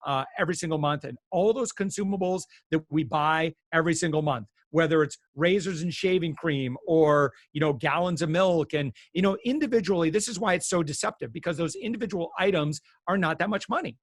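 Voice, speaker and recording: This lively guest consumer expert, an American man, talks a little fast with hardly any pauses, his voice sitting high for a male. His casual explanation wanders with fillers and restarts, and he acts out quotes. The sound is dry and close, with no sense of the surrounding room.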